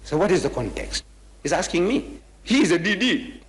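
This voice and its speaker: A man from South Africa with a South African accent, giving an animated public lecture on religion. He speaks emphatically and mockingly, and reads scripture slowly and solemnly. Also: high voice. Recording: reverberant hall sound.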